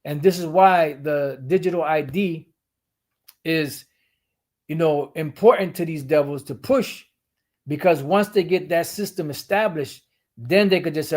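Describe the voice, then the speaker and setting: A man's voice: fairly high pitch, a little slow, a little mellow. A man teaching the Bible while sharing his screen, explaining step by step and often repeating and restarting his phrases.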